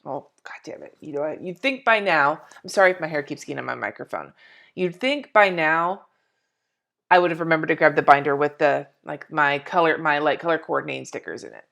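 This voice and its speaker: A woman's voice: deep voice, fast talker, vocal fry, hardly any pauses, a bit bright. A woman in her forties, chatty and scattered, talking to herself and to viewers while she decorates a planner on a live stream, swearing casually. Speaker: planner vlogger.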